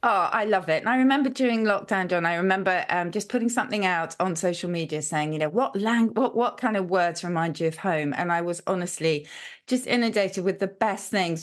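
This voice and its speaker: A lower-pitched woman talks as a language expert on a live TV studio sofa. She is enthusiastic and chatty, and she keeps stopping herself with ums as she goes. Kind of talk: live TV interview.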